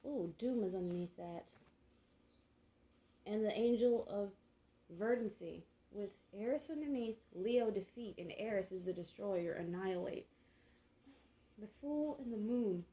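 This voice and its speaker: A woman's voice: mid-range voice, animated, unhurried, pauses often, warm tone, rough recording. A woman reading tarot cards, musing and murmuring card words to herself in a slangy, chatty way. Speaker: tarot reader.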